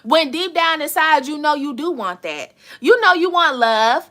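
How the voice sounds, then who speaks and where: A woman's voice: high voice, expressive, a little slow, pushed and bright. A woman giving a live tarot reading to her viewers, casual and slangy, swearing often and breaking into laughter. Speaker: tarot reader.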